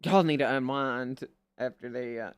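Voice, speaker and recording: A man's voice: mid-range voice, normal speed, clean tone, no echo, clean studio sound. A man streaming and chatting casually, rambling and swearing as he gives friendly advice in a playful put-on Southern drawl. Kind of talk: casual chat.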